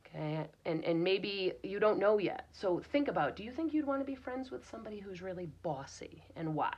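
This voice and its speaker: A woman's voice: medium pitch, lively intonation, fairly quick, a little mellow. A woman teacher reading a picture book aloud to young children, patiently explaining words and sounding them out. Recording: dull lo-fi recording.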